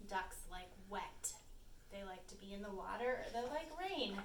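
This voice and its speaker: Woman teacher, storytime reader; slow, clear, animated delivery; distant mic in a roomy space with faint noise. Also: medium pitch. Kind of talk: reading picture books aloud to young children. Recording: echoey room, mic from far off, faint background hum.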